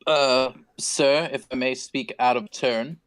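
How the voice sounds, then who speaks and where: A man's voice: mid-range voice, fairly even intonation, slow, a bit bright, clear, resonant tone, voice pushed down. A man voicing a sly half-orc gambler in a tabletop game, speaking with mock-polite hesitation.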